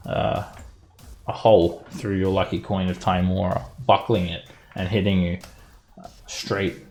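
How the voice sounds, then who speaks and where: A man narrating as game master of a tabletop game, in a relaxed way with many fillers. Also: sits low, measured pace.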